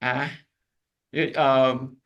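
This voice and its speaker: A man's voice: mid-range voice, little pitch movement, fairly bright tone, dull audio. A man teaching a Hebrew lesson, repeating words and stopping to explain. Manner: slow, repeats words, pauses a recording to explain. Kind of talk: classroom lesson.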